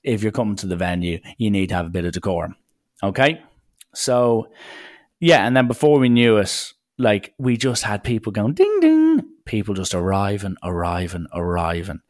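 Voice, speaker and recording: A young man tells a casual, rambling anecdote in a lively way, jumping into quoted voices to act out the people involved and wandering into asides. His voice is on the low side, at a moderate pace.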